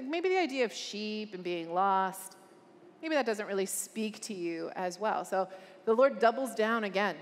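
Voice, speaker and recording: A woman's voice: mid-range voice, in a large hall. A woman speaking at a conference, preaching with earnest emphasis and asking the crowd questions. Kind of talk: preaching a talk. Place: large conference hall.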